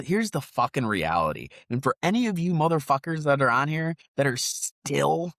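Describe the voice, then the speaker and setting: A congested man rants hard on a podcast, swearing constantly and slipping into sneering sarcastic voices. His pitch leaps high and drops low as he goes. The sound is close and dry. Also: very animated, moderate pace, few pauses, a bit bright, no echo. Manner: profane, mocking, rants with sarcastic put-on voices. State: congested sinuses, sniffing. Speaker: podcast co-host. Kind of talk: profane political rant. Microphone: separate remote mic.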